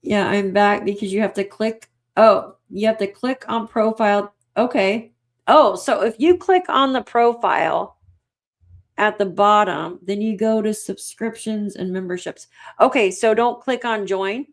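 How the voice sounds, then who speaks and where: A woman hosts a livestream in casual chat, reading out comments and laughing often. She is giggly and excitable, speaking at a measured pace with a medium-pitched voice.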